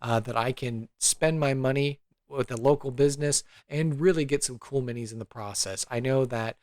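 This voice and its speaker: A man's voice: medium pitch, moderate pace, a little mellow, no room sound. A man hosting a tabletop podcast, asking questions in an easygoing, conversational way. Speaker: podcast host and game master. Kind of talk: casual interview and ad read.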